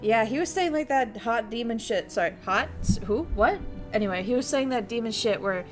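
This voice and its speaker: A woman VTuber casually streaming a visual novel, reading it aloud with excitable, crude, giggly commentary. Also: a little high, fairly quick, soft background music. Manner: crude, excitable, laughs and swears often.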